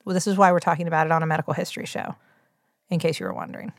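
A woman with a West Virginia accent, in a slightly low voice, talks casually as a podcast co-host. She rambles, restarts her sentences and fills the gaps with "like" and "um." The sound is dry and close. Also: expressive, racing, creaky, no room sound. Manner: chatty, rambling, full of fillers and restarts. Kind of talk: casual chat.

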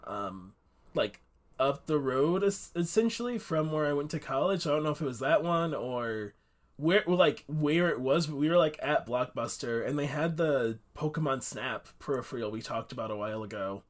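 A man's voice: fairly high pitch, expressive, moderate pace. A young man co-hosting a podcast, rambling casually and laughing often. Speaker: podcast co-host. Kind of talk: casual chat.

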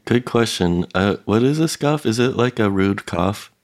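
A man co-hosting a comedy podcast game show, joking in a slow, deadpan, goofy way. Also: lowish voice. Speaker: podcast co-host. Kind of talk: casual comedic chat.

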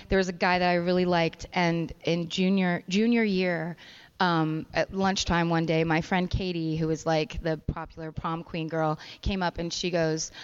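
A woman's voice: fairly low pitch, smooth. A woman guest comedian telling self-mocking stories on a live festival stage. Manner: self-mocking, animated anecdotes. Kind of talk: candid storytelling on stage. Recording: long hall reverb, dull live recording.

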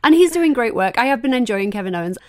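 A woman's voice: fairly high pitch, fast talker, noisy background. A woman co-hosting a wrestling podcast in casual chat, joking and laughing often. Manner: laughs often, jokey, animated. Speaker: podcast co-host.

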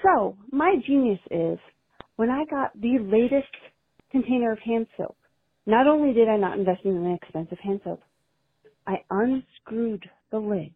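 A woman caller leaves a voice message and tells her story in a measured, wry way. Her voice is slightly high and husky. It comes through a tinny, dry phone line. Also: lively intonation, dry recording. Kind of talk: recorded voice message.

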